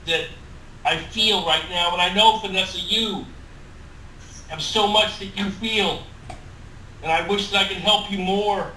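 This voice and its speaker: A man's voice: high-pitched, bright, forceful tone, heavily acted. A man voicing a remorseful, devoted male adventurer in a tabletop role-play, speaking earnestly and with passion. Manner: earnest, impassioned pleading in character. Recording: roomy, distant mic, faint hiss.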